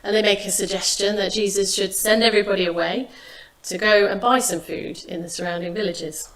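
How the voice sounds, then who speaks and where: A woman preaching a sermon, retelling a Bible story in a measured, expressive way. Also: mid-range voice. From England. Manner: measured, expressive reading of scripture.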